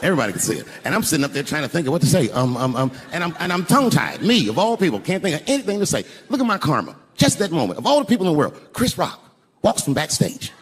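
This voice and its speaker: An older comedian's fairly high, very animated voice rattles quickly through a profane tale as he acts out the people in it. It's a live arena recording on a handheld stage mic, with crowd noise and laughter in the background.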